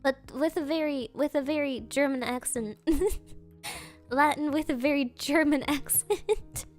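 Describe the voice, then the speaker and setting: A woman's voice: high-pitched, a little slow, faint music behind. A woman streamer chatting casually and playfully with her chat, often breaking into giggles. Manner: giggly, playful, keeps bursting into laughter. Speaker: virtual streamer.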